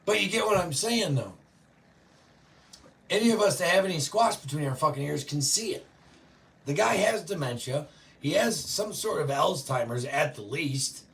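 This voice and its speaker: A man hosting a show, ranting profanely and yelling often, reacting to live chat. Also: fairly high pitch, lively intonation, normal speed, vocal fry, distant mic. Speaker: show host. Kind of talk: political rant to live chat.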